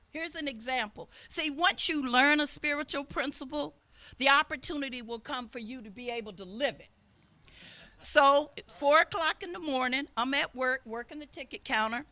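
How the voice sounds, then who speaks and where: An older woman minister preaches at an outdoor service at normal speed, earnestly telling a personal story in a bright, fairly high voice and acting out the people she quotes.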